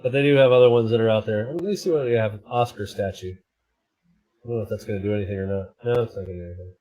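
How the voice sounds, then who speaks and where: A man's voice: fairly low pitch, fast, dark tone, low-quality recording. A man chatting casually on a live stream, joking and rambling while he tries out camera filters. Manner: joking, rambling, self-deprecating.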